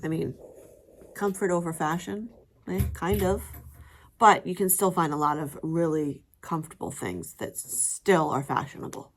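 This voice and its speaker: A woman's voice: low-pitched, moderate pace. A middle-aged woman chatting casually to camera as a vlogger, rambling with fillers and laughing often.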